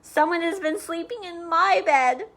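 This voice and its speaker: A tiny male baby bear cub cries out in a high, squeaky voice, put on by a woman reading a storybook. He sounds small and upset, his voice jumping well above a grown-up's. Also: unhurried, fairly bright tone. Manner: high, crying out. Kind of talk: storybook read-aloud.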